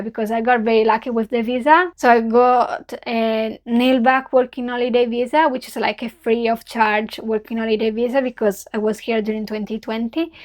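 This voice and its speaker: Earnest young Italian woman, bright voice. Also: on the high side. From Italy. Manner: earnest, heartfelt, simple non-native phrasing. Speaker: vlogger. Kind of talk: reflective farewell vlog.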